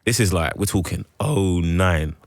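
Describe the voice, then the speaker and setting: A man's voice: low voice, a little slow, no echo. A man with a London accent chatting as a guest actor on a radio show, rambling and slangy with many fillers. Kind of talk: casual radio interview chat. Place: radio studio.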